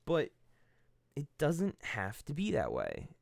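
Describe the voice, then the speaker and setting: A man's voice: a little high, huge pitch swings, slow, vocal fry, a little mellow, no echo, clean studio sound. A man hosting his channel, giving a casual philosophical monologue in blunt, profane storytelling that acts out the people he quotes. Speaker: channel host.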